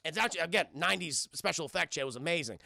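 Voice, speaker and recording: A man's voice: fairly high pitch, lively intonation, rapid-fire, vocal fry, bright, forceful tone, no room sound, clean studio sound. A man casually retelling a film scene by scene on a live stream, rambling, swearing often and talking to his chat.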